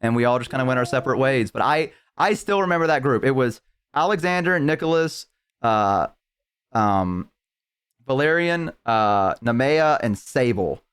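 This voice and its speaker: A young man with a smooth, resonant voice and a middle pitch chats casually on a live stream. He rambles through a story and keeps saying "like" and "um" as he goes. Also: expressive, normal speed, fairly bright tone. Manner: rambling storytelling with many fillers. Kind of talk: casual chat.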